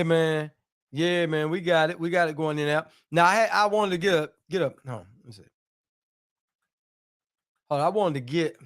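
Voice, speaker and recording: A man hosting a live stream, greeting viewers and reacting to fight clips in loose, slangy banter. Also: fairly high pitch. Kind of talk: casual live-stream chat.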